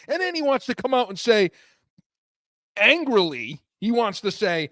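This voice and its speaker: Fired-up, stammering radio co-host. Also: male voice, sits high, big pitch swings, moderate pace, fairly bright tone, dry recording, clean studio sound. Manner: fired-up, stammering restarts, acts out quotes. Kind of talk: heated sports radio talk.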